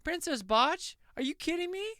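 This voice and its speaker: A man's voice: extremely high pitch, animated, moderate pace, pushed and bright, no echo, studio quality, pitched above the performer's own voice, full character voice. Man doing an exasperated ranting horse. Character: indignant talking horse, fed up.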